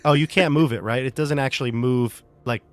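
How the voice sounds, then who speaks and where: A man running a tabletop game as game master, relaxed and explaining the rules. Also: mid-range voice, brisk, faint music behind.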